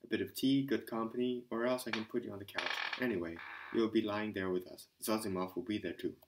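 A man voicing a hearty, impatient young man who lectures and scolds loudly. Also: on the low side, fairly even intonation, fast talker, noisy background, lightly acted. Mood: scolding. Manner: blustering, hectoring.

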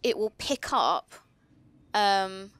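A woman's voice: mid-range voice, animated, extremely slow, a bit bright, no echo. A young woman chatting casually while playing a video game, chatty and giggly. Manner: chatty, giggly, does playful silly voices. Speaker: let's play co-host. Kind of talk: casual gameplay chat.

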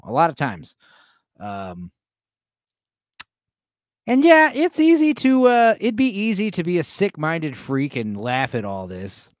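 A man's voice: a little high, dry recording, clean studio sound. A man hosting a casual watch-along, joking and rambling to his chat with many fillers. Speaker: host reacting to a film for a live chat.

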